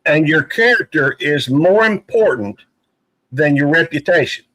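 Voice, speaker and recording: A man's voice: a little high, expressive, a little slow, bright, forceful tone, no room sound, low-quality recording. A man speaking earnestly and emphatically on a casual live panel, with some playful teasing.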